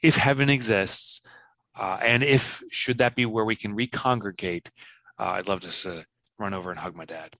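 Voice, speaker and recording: A man in his fifties, a business author guest, chatting casually in an interview and acting out quotes with lively swings of voice. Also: fairly low pitch, normal speed, no echo. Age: 50s. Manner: animated, laughs easily, acts out quotes.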